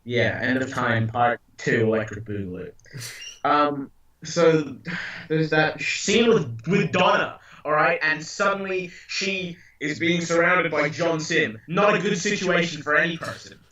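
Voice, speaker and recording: A man's voice: a little high, measured pace, sharp tone, slight background noise. A young man ranting about a TV episode, exasperated and sweary, in a casual podcast. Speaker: podcast co-host. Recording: echoey, distant, dull-sounding room mic.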